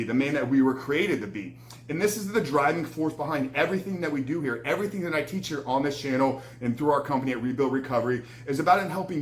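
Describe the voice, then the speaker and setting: A man's voice: medium pitch, echoey room. A man, a recovery coach, giving an earnest motivational talk to the camera, often repeating words as he restarts.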